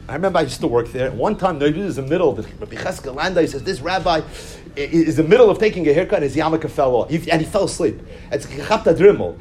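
A man teaching a Talmud class through storytelling, sprinkling Hebrew and Yiddish terms and jumping high when he quotes people. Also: a little mellow, slight background noise. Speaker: Torah teacher.

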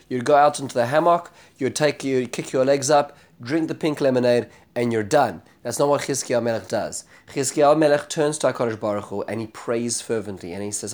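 A man giving a spoken lecture on scripture. He is animated, turns dramatic when he retells speeches, and often restarts and corrects himself. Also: medium pitch, fairly quick, few pauses. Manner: frequent restarts and self-corrections. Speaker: Bible teacher.

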